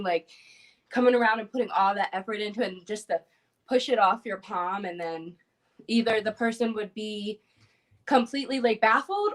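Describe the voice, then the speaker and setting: A young woman, a former softball pitcher, chatting casually as a guest on a video-call interview, with frequent fillers and light laughs. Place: room at home.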